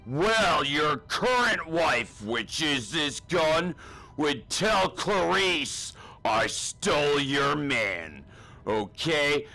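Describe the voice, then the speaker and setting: A man playing a gruff, bullying male drill sergeant in a comedy spoof, barking crude insults at a recruit. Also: on the high side, expressive, drawn-out words, sharp tone, faint music behind, exaggerated voice.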